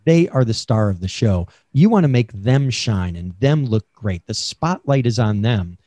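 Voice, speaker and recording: A man's voice: medium pitch, warm tone, no echo, clean studio sound. A man being interviewed about selling, talking in a chatty coaching way with many fillers over a remote call mic. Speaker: sales expert guest.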